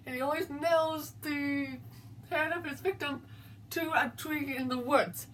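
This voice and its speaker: Guilt-stricken crying friend, voiced by a woman: slow, urgent; far from the mic. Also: sits high, fairly even intonation, a bit bright. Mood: ominous. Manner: tearful, urgent confession. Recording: distant mic, faint background noise.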